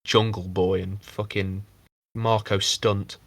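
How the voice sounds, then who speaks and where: A man co-hosts a casual podcast in a somewhat low voice. He rambles, swears freely and slips into mocking impressions. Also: flat delivery, takes it slowly, dry recording. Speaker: podcast co-host. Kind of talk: casual chat.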